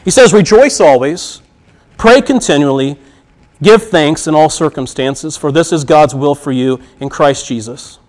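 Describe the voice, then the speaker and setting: High-voiced man preaching earnestly. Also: unhurried, darkish tone. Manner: earnest, repeats key phrases, asks and answers questions. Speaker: pastor. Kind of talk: sermon.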